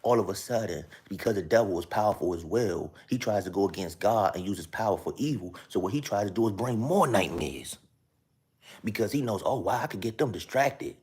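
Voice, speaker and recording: A low-voiced man with a husky, slightly rough tone talks to his live-stream viewers like a casual preacher. He is earnest and repeats himself, often urging listeners to walk with him. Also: animated, fairly quick, darkish tone. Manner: earnest, repetitive, keeps asking viewers to follow along. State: talking softly at times so his sleeping kids stay asleep. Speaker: live-stream host sharing a spiritual message.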